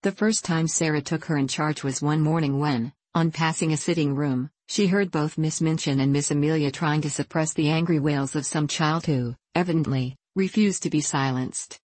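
A reader narrating a classic children's novel in a steady, measured way. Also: mid-range voice, dry recording. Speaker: audiobook reader. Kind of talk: scripted storybook narration.

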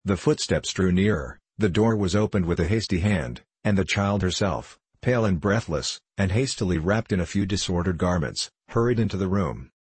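A man reading a classic novel aloud as an audiobook narrator, in a steady, measured way. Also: deep voice, slightly rough, no echo. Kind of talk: scripted narration.

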